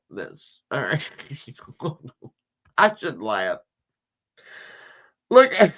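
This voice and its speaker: Talking history with her live chat, a woman hosting a livestream rambles and chuckles, adding crude asides as she searches for images on screen. Her voice is mid-range with a fairly bright tone.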